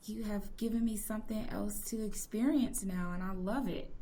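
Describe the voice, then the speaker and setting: A woman's voice: mid-range voice, normal speed, crowd noise. A woman hosting a casual interview podcast, enthusiastic and rambling, giggling often. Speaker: podcast host.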